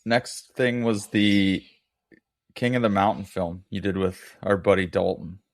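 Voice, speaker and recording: A man hosting a hunting podcast, steering the talk in a relaxed, swearing casual manner. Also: sits low, unhurried, no room sound, clean studio sound. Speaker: podcast host. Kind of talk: casual chat.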